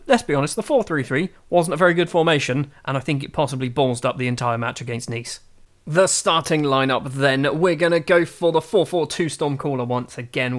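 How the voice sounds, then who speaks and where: Guy chatting over a football sim, bit high voice, jokey and excitable. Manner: chatty, self-mocking, excitable. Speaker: gaming YouTuber. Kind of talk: game commentary.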